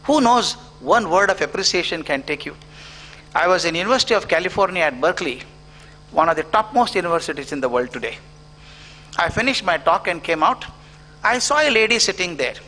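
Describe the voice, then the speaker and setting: A man's voice: high-pitched, fairly quick, bright, forceful tone, slight background noise. A middle-aged man with an Indian English accent giving a motivational storytelling lecture, acting out the dialogue in his stories. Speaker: educator giving a guest lecture. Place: auditorium.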